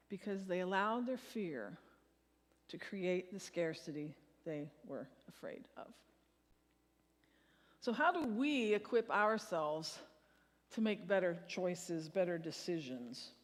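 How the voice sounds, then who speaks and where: Woman preaching in a reverberant church. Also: medium pitch. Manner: leads congregation in reciting a psalm. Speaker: pastor. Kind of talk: sermon. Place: large church sanctuary. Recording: long hall reverb.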